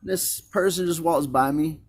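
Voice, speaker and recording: A vlogger with a fairly high-pitched voice earnestly recounts a personal religious experience at a measured pace, with slight background noise. The emotional testimony rambles, and he repeats himself as he talks.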